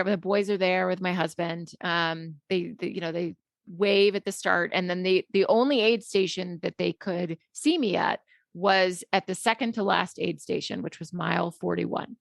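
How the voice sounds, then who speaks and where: A middle-aged woman, a psychologist guest, telling a personal story candidly in a relaxed interview. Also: fairly low pitch, measured pace, creaky, no room sound, studio quality. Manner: candid, conversational, many fillers.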